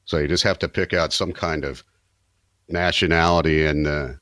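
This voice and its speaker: A man with a deep voice, co-hosting a podcast in casual chat, wry and self-mocking. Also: fairly even intonation, moderate pace, fairly bright tone, dry recording, clean studio sound. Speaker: podcast co-host.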